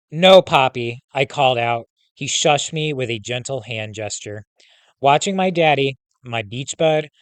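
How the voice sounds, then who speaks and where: A man's voice: mid-range voice, no room sound. A male teacher reading a first-person memoir aloud, in a plain style with short casual asides now and then.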